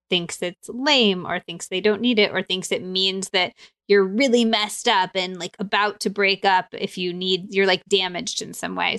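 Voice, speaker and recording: A woman's voice: on the low side, a bit bright, smooth. A woman hosting a podcast, laughing along and giving brief agreeing replies before asking questions. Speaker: podcast host. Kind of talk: casual interview chat.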